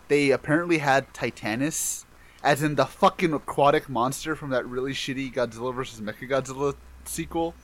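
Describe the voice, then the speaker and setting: A man in a casual podcast chat about a film, excitable and jokey, swearing now and then. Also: mid-range voice. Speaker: podcast co-host. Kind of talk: casual chat, movie review.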